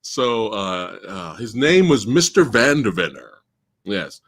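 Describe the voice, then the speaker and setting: A man in his forties telling a story casually on a live stream, laughing loudly and mimicking people in a slow, low voice. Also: sing-song, breathy edge.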